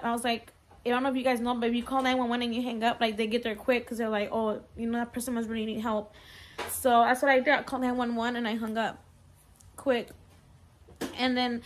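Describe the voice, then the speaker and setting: A woman's voice: fairly high pitch, a bit bright, a little hiss or hum. A young woman telling a frightening story on her vlog, near tears, rambling with many fillers and slipping in Spanish words. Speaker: vlogger.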